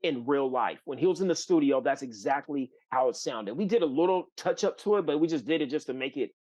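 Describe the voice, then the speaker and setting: A guest musician from California tells a long story in a brisk, mid-range voice. His casual telling is loose and animated, full of fillers and restarts.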